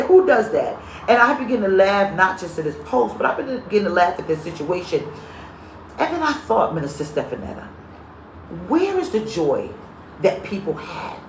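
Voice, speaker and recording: A woman's voice: mid-range voice, a little hiss or hum. A woman pastor giving a live-streamed sermon, telling stories with humor and greeting viewers by name as she goes. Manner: lively, comedic storyteller. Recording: echoey room.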